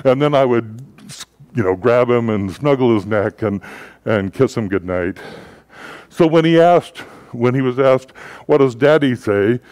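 A man giving a sermon as a pastor, telling stories in a relaxed, conversational way with frequent filler words. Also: medium pitch, unhurried, dry recording.

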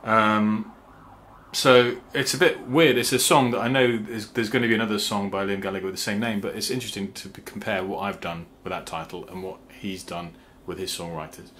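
A man with a fairly low voice talks casually to his viewers, halting often with fillers and restarts. He sometimes hums rhythm syllables to make a point, and faint background noise sits under his voice. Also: steady tone, a bit bright. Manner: sings rhythm syllables to explain meter. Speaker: songwriter and channel host. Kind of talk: casual talk to camera.

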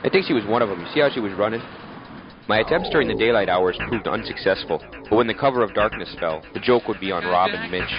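A Canadian man narrates with deadpan, rambling asides in a very low voice. The recording sounds dull and lo-fi, with music underneath. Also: fast talker.

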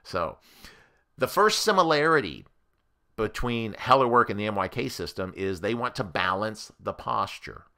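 Low-pitched guy talking therapy stuff to camera, super animated, bright and forceful. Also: normal speed, creaky. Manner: animated, conversational explainer. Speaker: therapist explaining treatment methods. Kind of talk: educational talk to camera.

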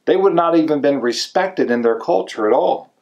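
A man's voice: on the high side, animated, moderate pace, darkish tone, muffled recording. A male pastor preaching a sermon in a conversational way, pushing his voice up to stress key words.

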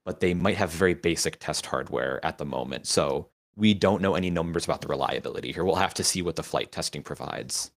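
A man's voice: a bass voice, fairly quick, gravelly, few pauses. A man co-hosting a live show in casual chat, explaining things in a matter-of-fact way. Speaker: co-host, writer.

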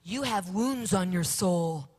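A woman's voice: lowish voice, lively intonation, slow, a little mellow, pitched below the performer's own voice. A woman voicing a little boy who relays answers in a plain, matter-of-fact way.

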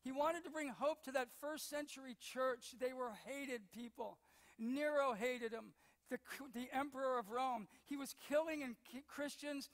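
A man's voice: extremely high pitch, fairly even intonation, moderate pace, fairly bright tone, in a large hall. An older man preaching a sermon as pastor, telling stories and acting out the voices of people in them, often repeating words as he goes. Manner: storytelling, acts out quotes, repeats words. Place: church sanctuary.

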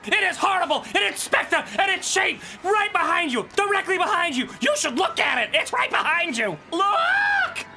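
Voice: medium pitch, huge pitch swings, bright, forceful tone, faint music behind. A voice actor playing a scheming, wisecracking male seagull who mooches food in a video game. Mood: fake alarm. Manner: fast-talking, sly, theatrical. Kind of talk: video game character dialogue.

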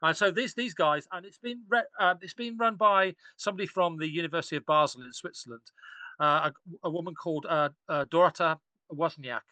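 A man appears as an archaeologist guest on a podcast, talking enthusiastically in a casual discussion and rambling with frequent restarts. His voice is on the high side, a little fast, pushed and bright, in a dry recording.

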